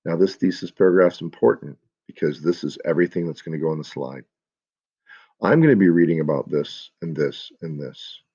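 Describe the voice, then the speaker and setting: A man's voice: a bass voice, fairly quick, a little mellow, highs cut off. A man teaching a class, giving step-by-step instructions for a student project and speaking directly to his students.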